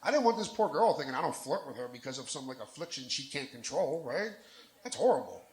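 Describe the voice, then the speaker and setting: A man's voice: medium pitch, very animated, fast, darkish tone. A man doing a live stand-up set on a lounge stage, telling raunchy, self-deprecating stories into a stage mic. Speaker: stand-up comedian. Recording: echoey lounge with background noise.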